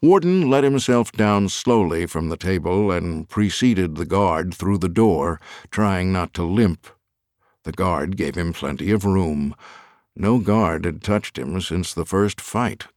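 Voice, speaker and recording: A man narrating an audiobook thriller in an expressive, lively reading on a close studio mic. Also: deep voice, slow pace, no room sound.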